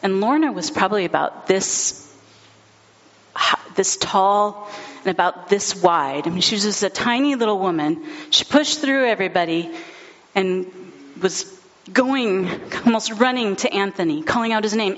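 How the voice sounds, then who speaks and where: Slow, earnest woman preaching a sermon. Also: medium pitch, a bit bright, dull audio. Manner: earnest, heartfelt storytelling. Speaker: pastor. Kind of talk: sermon storytelling.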